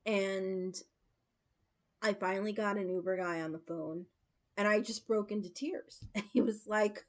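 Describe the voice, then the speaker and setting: A woman's voice: mid-range voice, steady tone, measured pace. Chatty woman in her forties. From United States. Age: 40s. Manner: chatty storytelling, laughs often, many fillers. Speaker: livestream host. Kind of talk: casual chat with viewers.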